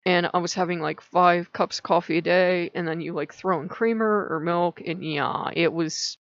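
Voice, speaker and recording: Gravelly, rambling woman vlogger. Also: fairly even intonation, moderate pace, no echo, dull audio. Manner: rambling, chatty, with sudden rises in pitch. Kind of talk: casual spiritual vlog chat.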